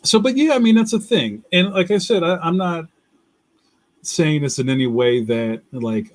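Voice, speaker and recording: A man's voice: mid-range voice, a little slow, no room sound. Rambling Philly man, dry close mic. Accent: Philadelphia. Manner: rambling, loose, laughs often. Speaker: livestream host reading viewer comments. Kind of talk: casual chat.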